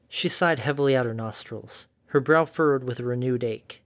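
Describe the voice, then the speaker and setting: A man narrating a dark fan story in a measured, dramatic reading. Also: medium pitch.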